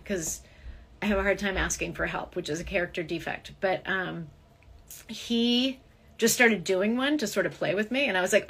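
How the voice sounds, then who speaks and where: Bright, husky-voiced woman chatting casually. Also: medium pitch, moderate pace. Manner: chatty, reads viewer comments aloud. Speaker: voice actress signing autographs. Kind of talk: casual live-stream chat.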